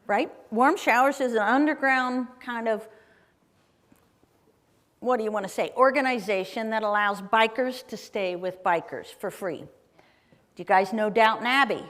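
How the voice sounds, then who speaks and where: Slow, chatty woman in a big hall. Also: on the high side, fairly bright tone. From Ohio, USA. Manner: chatty, enthusiastic, addresses the audience with questions. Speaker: guest speaker. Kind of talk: live travel presentation with slides. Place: performing arts center auditorium. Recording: long reverb of a large hall. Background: live audience in a hall.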